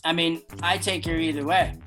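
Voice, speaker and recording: A man's voice: fairly high pitch, normal speed, over music. Upbeat joking male comedian guest. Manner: upbeat, joking, animated storytelling. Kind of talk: casual interview chat.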